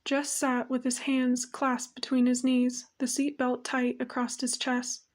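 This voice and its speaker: A woman narrating an audiobook with a steady, even storytelling manner. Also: high-pitched, a little slow.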